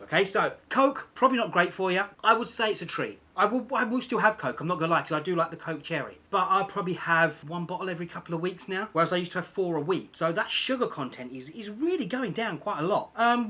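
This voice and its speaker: A man talks through his points in a relaxed, self-deprecating way and often repeats himself for emphasis. His voice is husky and a little breathy. His pitch moves up and down in a lively way. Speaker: vlogger. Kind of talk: casual explanatory vlog.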